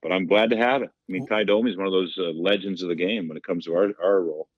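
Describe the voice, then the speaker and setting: A man's voice: deep voice, quick pace, dry recording, lo-fi sound. A man, a guest on a podcast, telling stories casually and acting out the lines of the people in them. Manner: animated storyteller, acts out quotes. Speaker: podcast guest, former hockey player. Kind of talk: casual storytelling.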